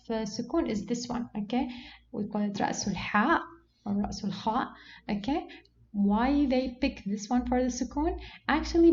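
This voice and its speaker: Woman teaching a lesson, kinda high, mellow voice, keeps saying okay, muffled lo-fi sound w/ faint hiss. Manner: patient, repeats "okay" often, slows to model words. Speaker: Quran recitation teacher. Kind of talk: explanatory lesson on reading marks. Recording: dull lo-fi sound with faint background noise.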